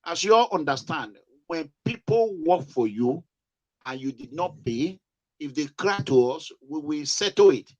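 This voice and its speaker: A man's voice: on the high side, animated, measured pace, darkish tone, muffled recording. A man with a Nigerian accent hosting an online talk for an activist group, hesitant and full of "uh" fillers. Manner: hesitant, heavy use of "uh" fillers.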